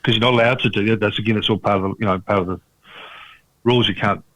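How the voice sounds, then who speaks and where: A man's voice: fairly low pitch, fairly even intonation, racing, sharp tone, no room sound, low-quality recording. A New man, a restaurateur, telling his story in conversation with many restarts and a frequent "mate". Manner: emphatic, restarts often, says "mate". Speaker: restaurateur guest.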